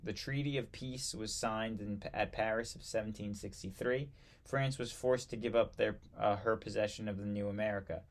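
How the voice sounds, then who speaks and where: A man reading aloud from an old history textbook, halting now and then to correct himself and add brief asides. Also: fairly low pitch, steady tone. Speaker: history reader.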